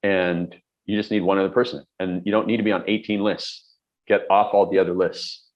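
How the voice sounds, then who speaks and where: Blunt low-voiced coach. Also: male voice, little pitch movement, brisk, highs cut off. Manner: blunt, emphatic, lecturing with everyday examples. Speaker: productivity coach. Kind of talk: direct-to-camera advice talk.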